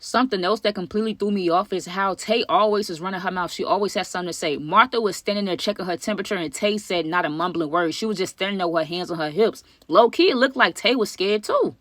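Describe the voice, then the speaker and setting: Fast-talking woman telling a story. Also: medium pitch, no echo. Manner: animated slang-heavy storytelling, addresses viewers as y'all. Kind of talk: casual storytime vlog.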